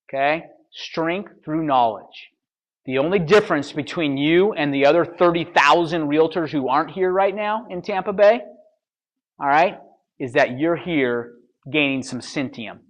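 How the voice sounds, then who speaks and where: A man's voice: on the high side, fairly bright tone. A man coaching real estate agents at a seminar, punchy and blunt, constantly checking in with "all right?" and "okay?" and mocking excuses. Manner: acts out excuse-makers in mocking voices. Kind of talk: motivational seminar talk.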